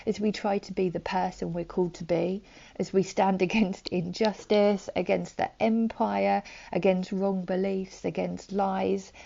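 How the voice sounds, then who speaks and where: Gentle woman preacher with gravelly voice. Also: mid-range voice, fairly even intonation, a little slow. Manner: gentle, conversational, many fillers, drops to soft whispers. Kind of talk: short devotional talk. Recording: dull lo-fi audio.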